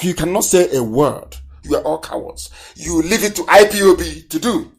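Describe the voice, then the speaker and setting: A man's voice: high-pitched, lively intonation, fast, hardly any pauses, husky. A man from southeastern Nigeria, giving an impassioned, scornful live political broadcast full of rhetorical questions. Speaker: broadcaster and activist leader.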